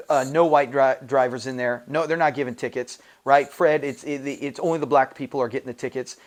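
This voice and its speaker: A man with a voice pitched a little above the usual male range walks through his favorite episodes in casual chat. He keeps it animated, laughing between points and acting out the quoted lines as he goes. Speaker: host of a classic TV show recap channel. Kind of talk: casual enthusiastic recap talk.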